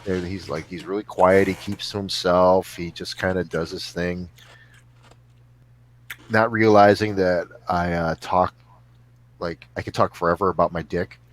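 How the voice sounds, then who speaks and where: A man's voice: deep voice, fairly even intonation, measured pace. A man chatting casually as a podcast guest over a remote call, rambling and joking with frequent laughs. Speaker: guest actor.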